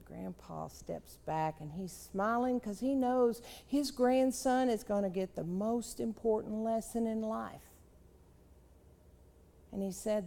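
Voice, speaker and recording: Slow gravelly woman giving a seminar. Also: on the high side, dark tone, in a large hall. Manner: slow, questioning, storytelling delivery. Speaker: leadership trainer. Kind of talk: live seminar talk.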